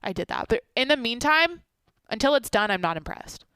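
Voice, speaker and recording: A young woman hosting a solo daily podcast, tired and sleepy, rambling and swearing, jumping from loud outbursts to near-whispers. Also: a little high, big pitch swings, brisk, clear, resonant tone, dry recording. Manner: rambling, profane, swings between loud bursts and near-whispers. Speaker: podcast host.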